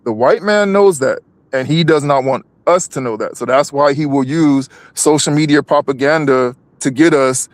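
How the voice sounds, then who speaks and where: A man's voice: medium pitch, normal speed, no echo. A man co-hosting a live stream, talking politics casually, with many restarts and repeated words.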